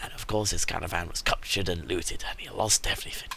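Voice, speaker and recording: A man's voice: low voice, steady tone, quick pace, gravelly, pushed and bright, a little hiss or hum, heavily acted. A man voicing a scheming middle-aged town merchant in a put-on Scottish accent, spinning a long, wordy, conspiratorial tale. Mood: conspiring.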